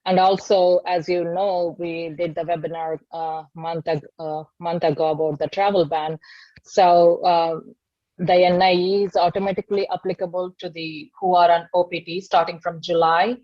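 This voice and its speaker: A woman giving an immigration webinar over a video call, talking quickly with many fillers and restarts. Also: fairly low pitch, level tone, no room sound, muffled recording. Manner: rapid, halting speech with many fillers and restarts. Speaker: immigration attorney guest. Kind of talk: webinar presentation.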